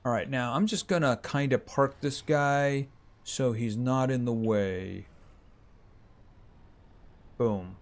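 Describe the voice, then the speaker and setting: A man's voice: mid-range voice, takes it slowly, pauses often. A man streaming a farming game live, chatting casually with his viewers as he plays. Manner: chatty, talks to game animals and reads chat aloud.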